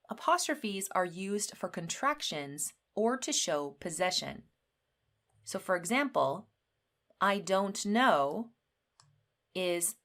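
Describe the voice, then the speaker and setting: A woman teaching an English grammar lesson. She explains rules clearly and acts out the example sentences. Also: lowish voice, fairly bright tone. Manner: slow, clearly spelled-out teaching.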